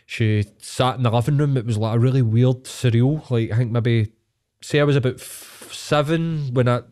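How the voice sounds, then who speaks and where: A Scottish man co-hosting a podcast. He chats in a loose, sweary way and slips into voices for the people in his stories. His voice sits at an ordinary middle pitch. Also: normal speed. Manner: sweary, animated storytelling with acted-out quotes. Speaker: podcast co-host. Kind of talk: casual banter.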